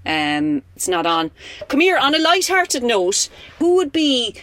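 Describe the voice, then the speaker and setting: A woman's voice: a little high, sing-song, unhurried, a bit bright. A woman with an Irish accent hosting a casual radio interview, prompting her guest with chatty questions. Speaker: radio host.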